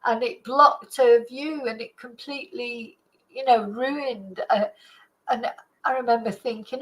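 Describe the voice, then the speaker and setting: A woman's voice: on the high side, normal speed, fairly bright tone, low-quality recording. Older woman telling a rambling story. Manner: rambling, chatty, many fillers and restarts. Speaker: channel host. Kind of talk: casual storytelling monologue.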